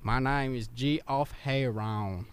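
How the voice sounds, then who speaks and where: A man doing a slow, dopey country-boy recruit. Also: mid-range voice, clear, resonant tone. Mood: eager. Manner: slow, drawling country-boy talk with broken grammar. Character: dim, eager young male football recruit. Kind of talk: improvised comedy sketch.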